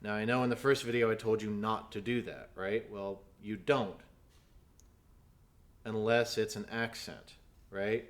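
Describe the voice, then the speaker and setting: A man's voice: fairly low pitch, steady tone, a little slow, long pauses. A man teaching snare drum in a video lesson, explaining technique patiently and counting aloud as he demonstrates.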